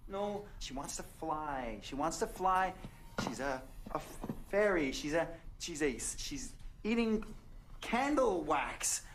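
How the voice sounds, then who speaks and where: A man's voice: on the high side, lively intonation, slow, background noise. An actor playing a flustered male fiancé in a comedy film, stammering and guessing in a rush, with many fillers. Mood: frantic guessing. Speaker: groom-to-be.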